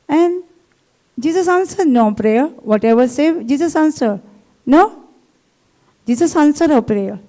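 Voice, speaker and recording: Woman preacher, higher voice, mellow tone, tells a testimony in broken English with "no?" tags. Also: expressive, a little slow, long pauses, rough recording. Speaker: preacher at a retreat. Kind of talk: testimony sermon. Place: retreat hall.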